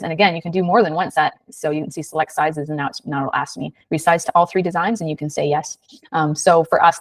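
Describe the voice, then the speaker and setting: A woman runs a live webinar tutorial over a video call, chatty and quick, with frequent "um"s and "right?" checks. Her voice sits a little low and sounds dry, slightly back from the microphone. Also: dry recording, distant mic. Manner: chatty, fast, many fillers and "right?" tags. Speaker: webinar host, design instructor. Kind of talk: live screen-share tutorial.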